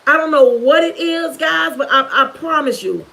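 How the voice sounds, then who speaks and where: A woman's voice: sits high, expressive, normal speed, gravelly, pushed and bright, rough recording. A middle-aged woman, giving a fervent, preachy testimony on a livestream, repeating herself for emphasis. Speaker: YouTuber.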